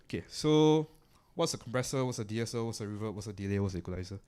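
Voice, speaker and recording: A man with a Singaporean English accent leads a live audio workshop in an event room, explaining gear casually while chewing gum. His lowish voice is smooth and a little mellow, and his animated delivery comes out rapid-fire.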